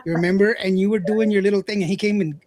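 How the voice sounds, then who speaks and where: A man's voice: high-pitched, fairly even intonation, fast talker, darkish tone, no room sound. A man hosting a radio show, chatting casually, reading out viewer comments and laughing often. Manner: chatty, laughs often, stumbles over words.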